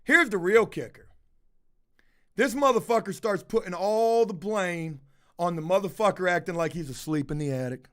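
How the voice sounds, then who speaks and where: A man rants straight to his viewers, swearing nonstop. He speaks loudly and belligerently, calls the audience folks, and pushes every line hard. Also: high voice, normal speed. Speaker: video host. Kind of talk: profane ranting storytime.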